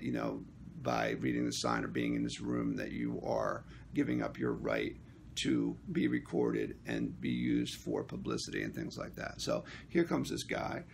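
A man's voice: very deep voice, creaky, a little hiss or hum. A man, an actor and union member, recapping a meeting in a casual vlog, acting out what others said as he tells it. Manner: animated storytelling, acting out quotes.

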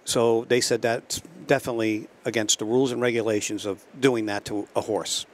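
A man telling a story in a casual talk show, animated, repeating himself and laughing at his own jokes. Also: mid-range voice, fairly quick. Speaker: guest, trailer company co-owner.

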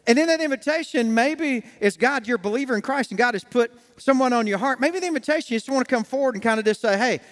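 A man's voice: very high voice, fast, few pauses. A man preaching a sermon as pastor, telling a folksy personal story and acting out the dialogue. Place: church sanctuary. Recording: long church hall reverb.

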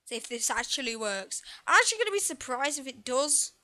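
A young gaming YouTuber chatting casually over a let's-play, muttering quiet asides. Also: high-pitched, big pitch swings, a little fast.

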